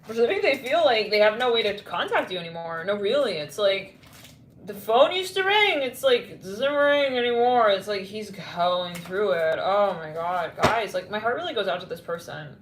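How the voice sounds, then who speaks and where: A woman's voice: medium pitch, very animated, moderate pace, reverberant, a little hiss or hum. A woman giving a casual tarot reading, rambling and blunt with lots of fillers. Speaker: tarot reader.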